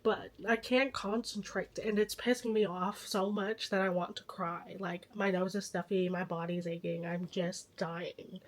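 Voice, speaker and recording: A woman vlogging casually about books, hoarse with a stuffy nose from illness, chatty and a little dramatic about it. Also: lowish voice, steady tone, unhurried, few pauses. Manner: chatty, self-aware dramatic. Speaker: book vlogger. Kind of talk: casual vlog chat.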